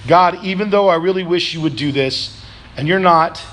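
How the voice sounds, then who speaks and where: A man pastor preaching a sermon in a church, calling for answers from the congregation, swinging between loud, shouted pleas and low, quiet reflection. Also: moderate pace, a little hiss or hum. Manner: preaching with call-and-response, rising to shouts then dropping low. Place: church sanctuary.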